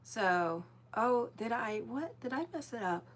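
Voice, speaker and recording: A woman's voice: a little high, lively intonation, unhurried. A woman, hosting her horoscope channel in a chatty, rambling, blunt monologue with casual swearing. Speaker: astrologer and channel host.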